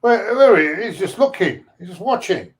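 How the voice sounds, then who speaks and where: Animated man in blunt football banter. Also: sits high, moderate pace, slightly rough. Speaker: main host of a football watchalong. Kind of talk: casual football chat.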